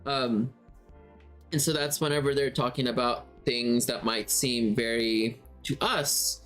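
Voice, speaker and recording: A man's voice: mid-range voice, fairly even intonation, unhurried, a bit bright, faint music behind. A man giving a casual spoken lesson on running tabletop games, talking conversationally, thinking aloud and rephrasing as he goes. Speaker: game master teacher.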